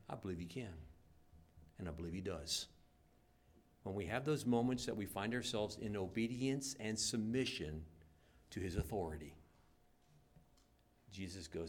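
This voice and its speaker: A man preaching a sermon and leading a prayer, swinging from loud, emphatic lines to soft, near-whispered ones and acting out quoted speech. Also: on the low side, lively intonation, unhurried, long pauses. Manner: acts out quoted lines in voices. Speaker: pastor.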